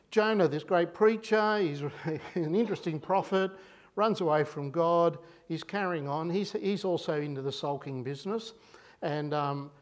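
An Australian man delivers a sermon in a lively, conversational style, peppering it with rhetorical questions. His pitch sits fairly high.

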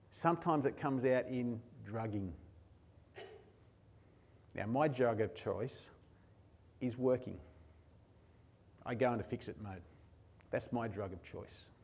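A man preaching a sermon as pastor, emotional, moving between hushed and raised passages. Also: mid-range voice, takes it slowly, long pauses, breathy edge.

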